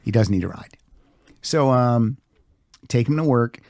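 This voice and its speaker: A man's voice: mid-range voice, animated, unhurried, darkish tone, no room sound, studio quality. A man in his fifties hosting a podcast, telling a story in a chatty way, cursing freely and laughing along. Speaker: podcast host. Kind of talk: casual storytelling chat.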